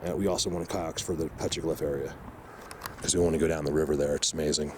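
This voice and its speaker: A man hosting an outdoor vlog, rambling excitedly with many fillers as he walks through a mountain forest. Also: extremely low pitch, fast talker, background noise. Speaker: vlog host exploring the outdoors. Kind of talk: casual walking vlog commentary.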